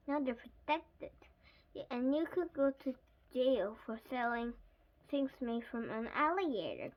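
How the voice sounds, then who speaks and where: A woman reading aloud, voicing a patient woman schoolteacher who explains and gently scolds. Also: high voice, highs cut off, a little hiss or hum.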